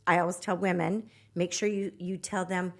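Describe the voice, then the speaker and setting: A woman's voice: on the low side, little pitch movement, moderate pace, gravelly. A woman relationship coach giving earnest, emphatic advice in a podcast conversation, acting out quoted lines as she goes.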